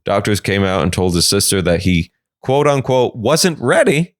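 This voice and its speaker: A man's voice: on the low side, moderate pace, dry recording, clean studio sound. A man hosting a podcast and recapping odd news stories with jokes. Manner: jokey, animated. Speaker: podcast host.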